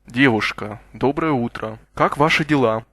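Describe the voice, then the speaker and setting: Guy saying practice phrases super clearly, close mic, dry, mid pitch. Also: moderate pace, fairly bright tone, no room sound. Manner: clear careful enunciation for repetition. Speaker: native model speaker. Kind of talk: slow repeated model phrases.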